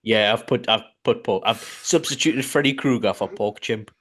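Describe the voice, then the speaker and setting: Casting: male co-host, lower voice, halting and laid-back delivery. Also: a crowd in the background. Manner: hesitant, many ums and restarts. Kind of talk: casual podcast chat.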